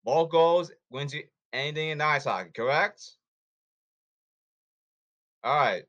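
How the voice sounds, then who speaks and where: A man's voice: fairly high pitch, slow pace, fairly bright tone, muffled recording. A man hosting a sports podcast who talks in a blunt, hectoring way and repeats himself, in a casual commentary monologue.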